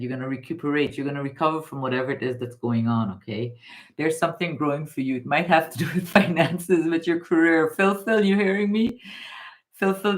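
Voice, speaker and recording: A woman from Guyana giving a live tarot reading, calling the listener darling and baby and repeating their name. She swings between excited high exclamations and low, hushed advice. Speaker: tarot reader.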